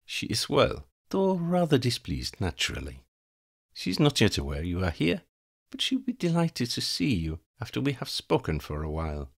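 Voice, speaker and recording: A man reading a story aloud, voicing a poised, seductive female vampire countess who speaks with smooth, quietly menacing courtesy. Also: medium pitch, wildly swooping pitch, normal speed, voice pushed up, full character voice. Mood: silky.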